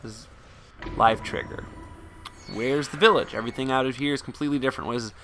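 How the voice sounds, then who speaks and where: Gravelly-voiced young gamer, excitable. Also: male voice, mid-range voice, brisk, a little hiss or hum. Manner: excitable, swearing, incredulous. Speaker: gameplay commentator. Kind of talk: casual let's-play commentary.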